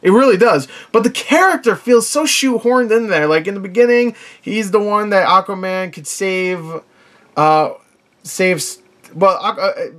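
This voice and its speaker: A man's voice: high voice, measured pace, fairly bright tone. A man giving a casual, rambling movie review, with lots of fillers and self-corrections and frequent chuckles.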